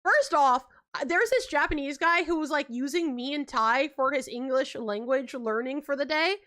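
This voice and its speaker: A young Californian woman hosting a livestream chats casually, telling stories packed with "like," acting out quotes and laughing a lot. Her voice is high, expressive and a bit bright, at a moderate pace.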